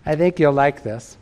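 A man's voice: fairly high pitch, darkish tone. A man preaching a sermon in an emphatic way, repeating key phrases for stress and reading out a story.

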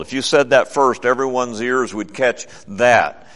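A man giving a sermon in an earnest teaching manner, slowing down to stress key words. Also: mid-range voice, fairly bright tone. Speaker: preacher.

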